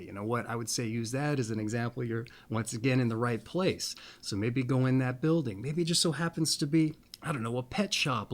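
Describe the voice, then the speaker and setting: Chatty man rambling playfully. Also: medium pitch. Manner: slow, deliberate reading of a text. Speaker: astrology video host. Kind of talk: casual monologue and reading aloud.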